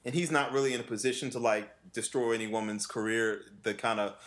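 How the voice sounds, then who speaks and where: A man co-hosting a casual talk show, a vocal coach who chats animatedly, laughs often and slips into quick impressions of other people. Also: medium pitch. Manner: animated, mimics voices often, laughs a lot. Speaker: podcast co-host and vocal coach. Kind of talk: casual chat.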